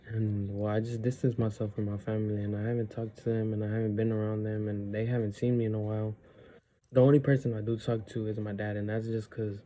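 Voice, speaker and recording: A young man pours out his frustrations in a rambling vlog monologue and acts out past arguments. His voice sits low and very dark, and his delivery stays flat with little rise and fall. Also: a little hiss or hum. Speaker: vlogger. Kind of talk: personal venting monologue.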